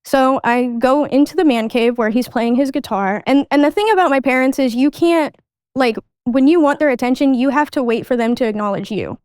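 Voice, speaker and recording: A woman with a high, slightly mellow, clean voice talks a little fast as an adult podcast guest recounting her childhood. Her casual speech is full of "like" fillers, recorded dry with clean studio sound.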